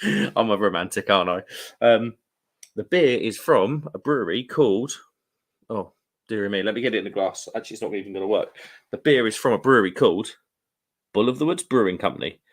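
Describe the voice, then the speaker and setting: A man with a British accent hosting a casual live stream, chatty and rambling, with quick laughs and slangy asides. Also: lowish voice, expressive. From United Kingdom. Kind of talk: casual live stream chat, reading viewer comments. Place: room at home.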